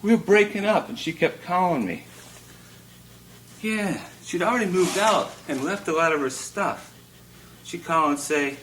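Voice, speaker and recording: A man's voice: high-pitched, expressive, a little slow, pauses often, fairly bright tone. A man performing a comic spoken-word monologue at a bookshop reading, drawling wryly and chuckling through his lines. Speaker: performance poet. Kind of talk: live spoken-word storytelling. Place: bookshop reading before an audience. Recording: roomy 1980s live recording with faint hiss.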